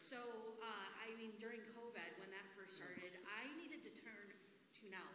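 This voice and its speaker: A woman's voice: medium pitch, moderate pace, pushed and bright, in a large hall, a little hiss or hum. A woman in a church group sharing her thoughts, rambling with many restarts. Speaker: group member. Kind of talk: casual group discussion.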